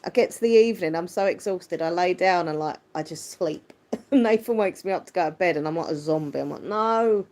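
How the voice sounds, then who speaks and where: Reading out viewer comments during a casual live chat, a female livestream host talks easily and laughs often. She has a lowish voice with a squeaky but deep tone and a warm-hearted manner.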